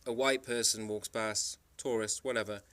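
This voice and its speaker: Manx guy rambling thru travel stories, smooth resonant voice, keeps restarting to make his point. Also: on the low side, steady tone, moderate pace, a bit bright. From Isle of Man. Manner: rambling, emphatic storytelling with frequent restarts. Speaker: travel vlogger. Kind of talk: casual monologue.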